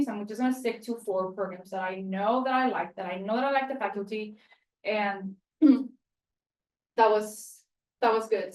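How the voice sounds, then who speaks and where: A woman's voice: a little high, a little mellow. A young woman from Mexico giving a spoken end-of-year student presentation, chatty and self-deprecating, with lots of fillers. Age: young adult. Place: room at a university. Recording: echoey room, mic set at a distance.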